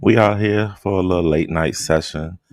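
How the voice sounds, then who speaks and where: Male streamer, extremely low voice, sleepy late-night drawl, dry close sound, chatting with viewers. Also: normal speed, dry recording. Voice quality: just-woke-up low drawl. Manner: relaxed, greets chat members by name. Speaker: livestream host. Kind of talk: late-night casual livestream chat.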